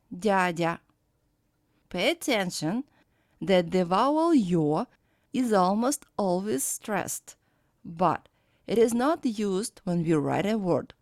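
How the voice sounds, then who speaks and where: A woman teaching a language lesson, reading her script and sounding out example words slowly and carefully. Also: mid-range voice, dry recording, studio quality. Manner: slow, careful, clearly pronounced examples.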